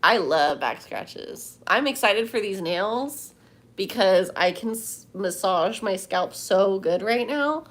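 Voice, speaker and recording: A woman's voice: medium pitch, lively intonation, takes it slowly. A woman livestreaming from home, chatting casually and rambling as she answers viewers' comments. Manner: chatty, rambling, reads chat aloud.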